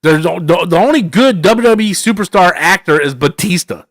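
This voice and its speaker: Man, live stream host, casual rambling commentary, slangy, slightly high voice, dry room. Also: expressive, moderate pace, fairly bright tone, no room sound.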